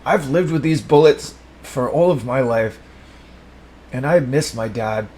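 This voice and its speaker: A man improvising an absurd, profanity-laced comedy monologue, rambling and swinging between mumbles and sudden shouts. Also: mid-range voice, a little slow.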